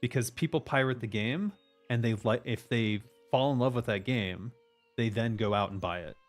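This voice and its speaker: A man's voice: medium pitch, normal speed, soft background music. A man hosting a casual stream chat as a game designer, ranting emphatically with lots of swearing.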